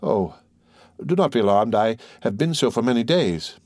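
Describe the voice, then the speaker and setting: A man voicing a timid, gentle young woman who speaks softly and anxiously in an audiobook reading. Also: mid-range voice, animated, normal speed, dry recording, studio quality, natural voice.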